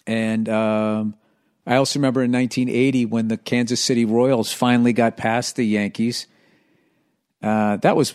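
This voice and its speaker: A man hosting a podcast with a hoarse, strained voice, talking in a low-energy, self-mocking casual ramble full of swearing. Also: darkish tone. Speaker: podcast host.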